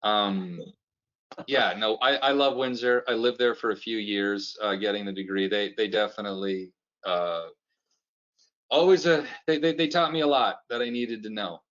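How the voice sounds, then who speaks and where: A comedian from Canada, a man telling stories in an animated, joking way during a casual interview over a video call. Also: lowish voice, moderate pace, dull audio. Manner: animated, jokey storyteller.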